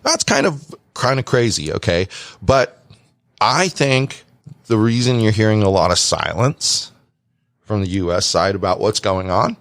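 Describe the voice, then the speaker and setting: Guy ranting on his podcast, sarcastic, voice goes up and down a lot, low-ish and dry. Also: a little slow, dry recording. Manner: sarcastic, heated and animated. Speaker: podcast co-host. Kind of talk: opinionated political rant.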